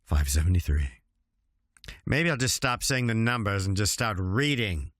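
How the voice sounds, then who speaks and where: A man's voice: fairly low pitch, animated, moderate pace, fairly bright tone, no echo, studio quality. A man reading rhymed comic verse aloud at home, with wry, chuckling asides between the verses. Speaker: reader. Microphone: home recording setup.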